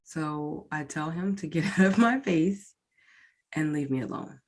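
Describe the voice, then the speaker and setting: Low, slow-talking woman telling her story. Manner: candid, emotional, addresses listeners directly. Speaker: podcast host. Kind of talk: personal storytelling.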